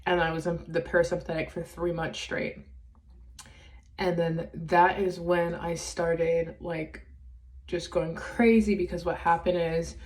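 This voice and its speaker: A woman talking in a casual confessional vlog, halting, with many fillers and restarts. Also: fairly low pitch, little pitch movement. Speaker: vlogger.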